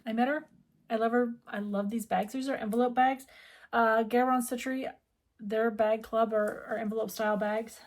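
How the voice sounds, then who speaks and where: Woman, middle-aged, from the United States, slightly high voice, casual chat, rambling, cuts herself off. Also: fairly even intonation, moderate pace. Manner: chatty, rambling, self-interrupting. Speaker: needlework shop owner.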